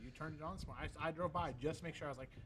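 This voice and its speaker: Young guy cohosting a weather stream, talks fast, jokey banter. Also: a little high, fairly bright tone, slight background noise. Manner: quick, joking banter. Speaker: co-host of a weather livestream. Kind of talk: casual chat.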